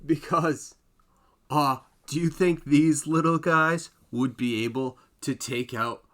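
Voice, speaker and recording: Slow, hesitant male player in casual chat at the gaming table. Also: mid-range voice, a bit bright.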